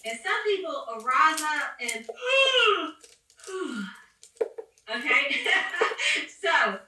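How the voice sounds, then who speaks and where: A woman's voice: sits high, expressive, takes it slowly, noisy background. A woman leading a motivational sales training call, upbeat, preachy and rambling. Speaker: sales team leader. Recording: echoey room, distant from the mic.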